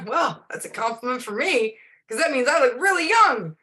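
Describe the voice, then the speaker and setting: A woman's voice: sits high, lively intonation, normal speed, sharp tone. A woman in her forties hosts a casual live stream. She talks in a chatty, rambling way and often restarts her sentences with ums. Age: 40s. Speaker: host.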